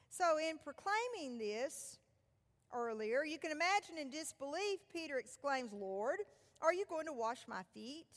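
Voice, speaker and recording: A high-voiced woman preaching, her pitch leaping up and down as she tells the story. She shifts between loud, forceful stretches and soft, hushed ones. Her voice rings with a long reverb. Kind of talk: sermon retelling a scripture story.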